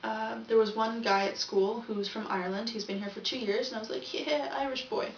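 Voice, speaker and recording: On the high side and steady in tone, a young woman's voice moves fairly quickly as she chats and rambles through a casual video diary, often correcting herself. She's a vlogger captured on a distant mic, with an echoey, dull, off-mic sound and slight background noise.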